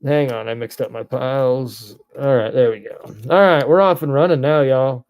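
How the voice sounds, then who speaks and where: A man, hosting a live card break stream, reading off names and breaking into excited shouts. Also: medium pitch, moderate pace.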